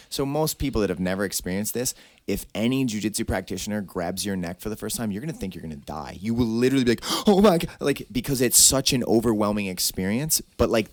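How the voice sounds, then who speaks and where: Deep-voiced blunt man lecturing. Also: no room sound. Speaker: podcast host and martial arts instructor. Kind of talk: casual podcast talk.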